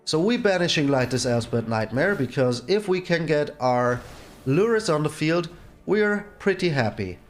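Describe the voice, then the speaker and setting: A man's voice: on the high side, animated, moderate pace, soft background music. A man hosting his own gaming channel, giving casual gameplay commentary and exclaiming in exasperation at his bad luck.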